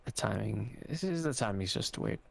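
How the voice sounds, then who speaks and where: A man's voice: fairly low pitch, animated, moderate pace, creaky, breathy edge. A young man co-hosting a podcast, talking in a rambling, hesitant way with lots of fillers. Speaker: podcast co-host. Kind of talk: casual chat.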